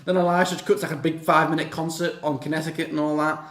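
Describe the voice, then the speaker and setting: A young man, chatting casually and excitably, swearing as he reacts. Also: fairly high pitch, fast, roomy sound. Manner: excitable, swears, mocks and acts out the wrestlers in little quips. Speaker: reaction vlogger. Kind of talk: casual chat.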